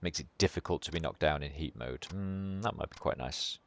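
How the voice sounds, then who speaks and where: A man's voice: very deep voice, a little fast, no echo. A man streaming a game, making casual, musing commentary with mumbled asides.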